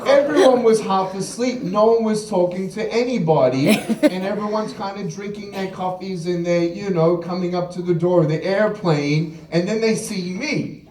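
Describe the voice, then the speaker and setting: A man's voice: sits high, moderate pace, a little mellow, a little hiss or hum. A man giving a live motivational keynote, telling humorous stories and acting out the quotes. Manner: humorous storyteller, acts out quotes with laughter. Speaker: motivational speaker. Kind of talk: live keynote speech with anecdotes. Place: large event hall. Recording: echoey hall, voice from far off.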